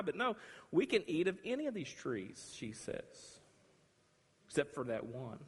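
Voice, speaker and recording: A man preaching a sermon, emphatic and dramatic, with long pauses between phrases. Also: a little high, animated, a bit bright. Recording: reverberant hall.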